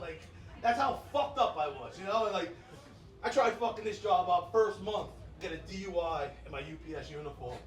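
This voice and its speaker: A man's voice: high voice, animated, a little fast. A man, doing a brash, crude stand-up set on a club stage and laughing at his own jokes. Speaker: stand-up comedian. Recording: echoey club sound from a distance.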